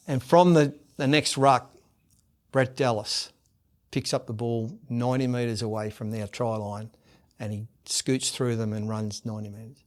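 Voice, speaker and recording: A middle-aged Australian man in a sit-down podcast interview, telling stories with gusto. He bursts into loud put-on voices for the people he quotes, then drops back to an easy, ordinary conversational tone. His voice sits at an everyday medium pitch. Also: a little slow. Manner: lively anecdotes, acts out quoted voices loudly. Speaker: guest, former rugby league captain and coach. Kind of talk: animated storytelling in a podcast interview.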